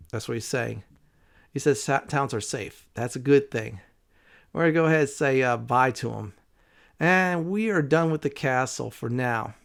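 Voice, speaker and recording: A man's voice: mid-range voice, moderate pace, creaky. A man hosting a casual let's play video, rambling through his gameplay commentary with frequent "uh" fillers.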